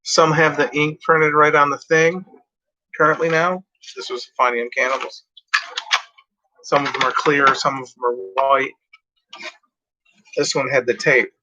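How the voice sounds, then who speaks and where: A man's voice: fairly high pitch, fairly even intonation, measured pace, pauses often, bright, forceful tone, highs cut off. A tired, yawning man rambling casually as he reads out track lists from his cassette tapes. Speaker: music collector reviewing cassette tapes.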